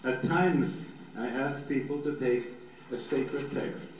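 Slow-spoken older man in an echoing hall. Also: medium pitch. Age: 70s. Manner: gentle, unhurried guidance with drawn-out pauses. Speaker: rabbi giving a lecture. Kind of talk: guided meditation teaching and slow scripture reading. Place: large lecture hall. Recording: very echoey hall recording with faint background noise.

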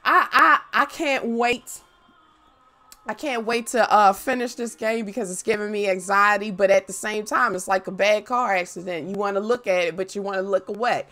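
A young woman live-streaming a game, chatting casually with viewers, playful and profane, breaking into loud squeals when she greets people. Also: medium pitch, fairly even intonation, moderate pace. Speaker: gaming streamer.

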